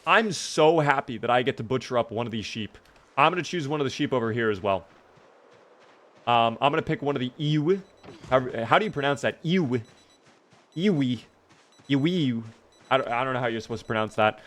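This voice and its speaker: Chatty man, mid pitch, easygoing game streamer talking to chat. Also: fast talker, a bit bright. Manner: upbeat, chatty, talks to himself and chat. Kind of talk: live gameplay commentary, chatting with viewers.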